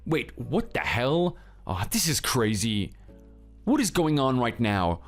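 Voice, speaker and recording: A man's voice: medium pitch, wildly swooping pitch, slow, soft background music, full character voice. A man playing a husband in a dramatized story, curt and defensive toward his partner. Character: cold, defensive young husband.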